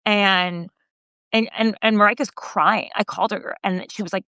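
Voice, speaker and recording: A woman podcast host and journalist recounting a story in casual conversation, animated and full of fillers, raising her voice when quoting others. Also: moderate pace, no echo, studio quality. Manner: animated retelling, voicing quoted remarks higher, frequent fillers.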